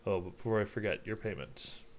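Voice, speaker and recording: Man playing male fox detective, suave, polite, mysterious, low voice, game character. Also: brisk, a little hiss or hum, lightly acted. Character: smooth, knowing male fox private investigator.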